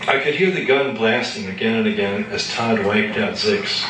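Brief: author reading his novel live, plain mid-pitched man's voice, echoey room heard from afar, faint noise. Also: moderate pace, far from the mic. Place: live reading at an evening gathering.

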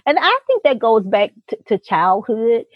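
This woman's voice sits on the high side and moves at a moderate pace, with no echo but a tinny, phone-like sound. She co-hosts a podcast, speaking earnestly and expressively in a casual, heartfelt chat sprinkled with folksy asides.

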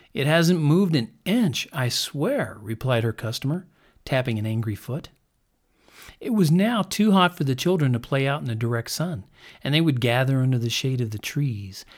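Expressive man reading a children's story. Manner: expressive, drops to a hush at quiet moments; builds in pitch and loudness as the action rises.

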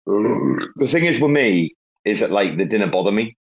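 A man's voice: on the low side, expressive, unhurried, vocal fry, husky. A man hosting a casual online chat, rambling and swearing through banter. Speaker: host. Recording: dull lo-fi online audio.

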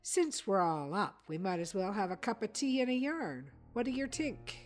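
A woman's voice: mid-range voice, lively intonation, normal speed, soft background music, lightly acted. A woman voicing a tough, wry older man with a Newfoundland accent and a folksy, teasing way of speaking.

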